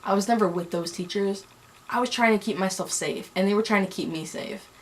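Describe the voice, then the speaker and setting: A woman's voice: mid-range voice, fairly quick. A young woman telling a personal story on a vlog, angry and heated, rambling with many restarts. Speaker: vlogger.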